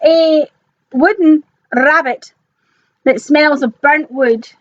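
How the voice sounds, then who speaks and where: A woman's voice: high voice, slow, dull audio, a little hiss or hum. A woman co-hosting a live cabaret show, handing out prizes with playful, giggly teasing banter. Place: live venue on stage.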